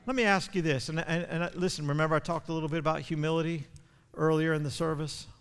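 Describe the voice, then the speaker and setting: A male pastor preaching a sermon, repeating his words and building to loud, fervent passages. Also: fairly high pitch, fairly even intonation, quick pace, smooth. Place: church sanctuary. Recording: long church hall reverb.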